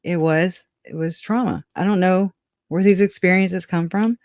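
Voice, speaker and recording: A speaker on a casual livestream who talks in a halting, reflective way, often restarting sentences and laughing softly. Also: mid-range voice, fairly even intonation, dry recording.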